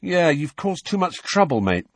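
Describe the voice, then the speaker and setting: A man voicing a cheeky, mocking teenage twin brother who talks in a brisk, teasing way in an audiobook. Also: fairly high pitch, very animated, no room sound, pitched above the performer's own voice.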